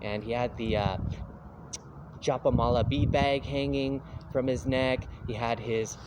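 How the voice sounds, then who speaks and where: A man's voice: medium pitch, fairly even intonation, a little slow, background noise. Rambling man telling a story. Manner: rambling, breaks into quoted voices. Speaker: vlogger. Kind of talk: casual storytelling monologue.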